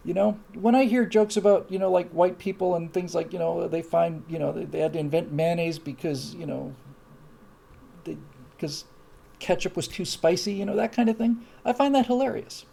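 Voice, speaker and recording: A man's voice: high voice, normal speed, vocal fry, dark tone, slight background noise. A man hosting a live stream, reading out viewer comments in a casual, wry, digressive chat that often breaks off and restarts. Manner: wry, digressive, self-interrupting.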